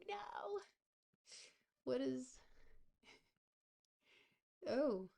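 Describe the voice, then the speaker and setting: A woman streamer, hoarse and gravelly from a cold, chatting casually with her viewers and thinking aloud over a game. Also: medium pitch, steady tone, moderate pace, a little mellow. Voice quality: gravelly, smoker-like. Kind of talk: casual live-stream gameplay commentary. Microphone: close desk mic.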